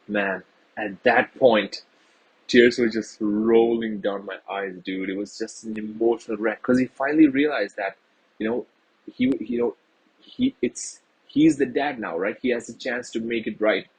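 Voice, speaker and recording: A man's voice: fairly low pitch, measured pace, a little hiss or hum, rough recording. A man giving a casual, rambling film review to his viewers, earnest and full of fillers.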